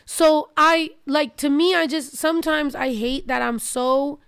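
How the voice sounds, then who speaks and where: A woman's voice: sits high, a little slow, creaky, a bit bright, no room sound, clean studio sound. A woman hosting a podcast, ranting in casual, profane chat. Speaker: podcast host.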